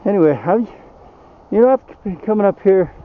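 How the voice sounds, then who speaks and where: A man's voice: high voice, animated, normal speed, narrow, tinny audio. Rambling older man vlogging outdoors. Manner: rambling, folksy, trails off. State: out of breath. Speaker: van-life vlogger. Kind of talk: casual vlog talk. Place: outdoors in the mountains.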